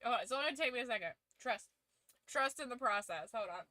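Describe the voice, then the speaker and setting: Chatty woman with a bright voice. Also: on the high side, lively intonation, quick pace, dry recording. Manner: chatty, laughs often, swears casually. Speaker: streamer hosting a watch-along. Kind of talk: casual chat.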